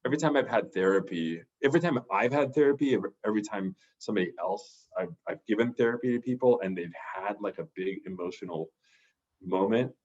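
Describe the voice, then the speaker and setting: Man, very low voice, rambling storyteller, dull lo-fi sound. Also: quick pace, a little mellow. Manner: rambling, full of restarts and fillers. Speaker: podcast guest, therapist. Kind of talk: casual storytelling.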